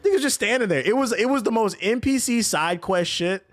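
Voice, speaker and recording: Male streamer, casual and profane chatter over gameplay, very lively pitch. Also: brisk, no room sound. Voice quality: profane, loose and animated. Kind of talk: casual chat while gaming on stream.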